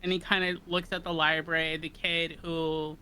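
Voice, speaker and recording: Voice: mid-range voice, level tone, normal speed, pushed and bright, smooth, poor audio. A tabletop player who describes their character's actions in a casual, hesitant way, hedging a lot.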